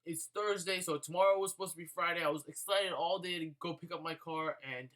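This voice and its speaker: Bright-voiced young man telling a story. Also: a little high, brisk. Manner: profane, animated storytelling. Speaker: vlogger. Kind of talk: casual storytelling vlog.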